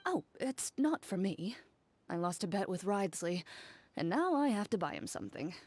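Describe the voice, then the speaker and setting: A woman playing a composed, blunt young woman who speaks in a calm, matter-of-fact way. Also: mid-range voice, moderate pace, dry recording. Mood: dry. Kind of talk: game dialogue voice acting. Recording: game cutscene with faint music.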